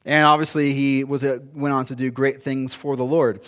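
A man's voice: mid-range voice, flat delivery, normal speed, a bit bright, clean tone. A male pastor preaching a sermon in a conversational, storytelling way, with asides and restarts.

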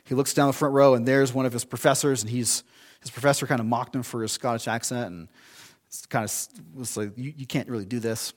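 A man's voice: mid-range voice, fairly even intonation, a little fast. A male pastor preaching a sermon in a conversational, storytelling way, with asides and restarts.

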